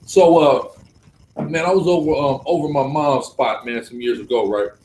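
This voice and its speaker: A man leading a live religious class, preaching forcefully and repeating points for emphasis. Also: on the high side, normal speed, roomy sound, slight background noise, rough recording.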